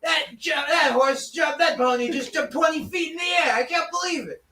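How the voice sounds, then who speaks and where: A woman performing improv comedy, exclaiming loudly and laughing often. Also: high-pitched, normal speed, distant mic, noisy background. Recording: echoey theater audio from afar.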